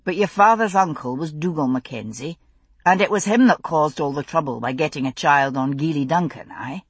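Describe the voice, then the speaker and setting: A woman's voice: low-pitched, expressive, normal speed, breathy edge, no room sound. Woman reader doing young man, firm and tender, dry close read. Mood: sleepy, musing. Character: young man, tender, stubborn, reassuring lover.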